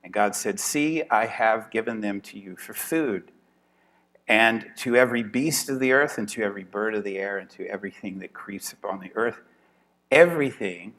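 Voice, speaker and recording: A man's voice: on the low side, fairly bright tone. Wry man reading scripture with asides. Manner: wry, dry asides, varies volume a lot, drops to whispers. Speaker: religious studies lecturer.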